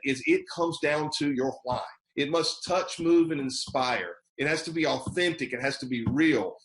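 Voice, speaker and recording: Emphatic American sales trainer, roomy sound. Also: male voice, fairly high pitch. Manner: emphatic, repeats key phrases, acts out sample calls. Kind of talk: motivational sales training talk. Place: video call training session.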